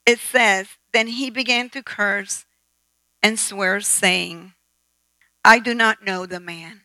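A woman's voice: mid-range voice, pushed and bright, no echo, rough recording. A woman preaching a sermon, emphatic and asking the audience questions. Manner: emphatic, calls for amen and asks the audience questions.

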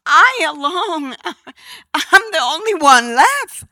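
A woman preaching a sermon, slow and emphatic, sometimes dropping her voice almost to a whisper. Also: very high voice, sing-song, bright, forceful tone, dry recording.

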